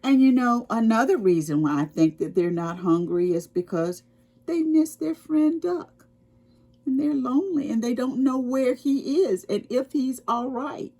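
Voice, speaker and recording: A woman reading a picture book aloud to preschoolers, explaining words and asking the children questions as she goes. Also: a little high. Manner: expressive, slow and explaining to children. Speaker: children's storytime reader.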